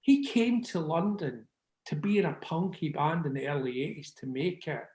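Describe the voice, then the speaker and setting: A Scottish man in his sixties, a record label founder, speaks at normal speed in a high-leaning voice with a darkish tone, recorded in a reverberant space. His casual interview talk is rambling and full of swearing, with constant "do you know what I mean"s.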